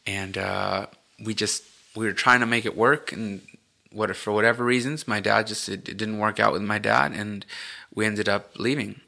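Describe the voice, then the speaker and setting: A man with a low, gravelly voice recounts his story on a podcast. His tone is bright and forceful, and he talks in halting, reflective bursts full of fillers and restarts. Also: steady tone. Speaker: podcast co-host. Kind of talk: candid personal storytelling.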